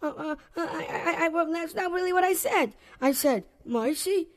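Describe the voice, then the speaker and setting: A woman's voice: extremely high pitch, normal speed. A woman voicing a timid, stammering young schoolboy in a children's drama. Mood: flustered. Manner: stammering, hesitant.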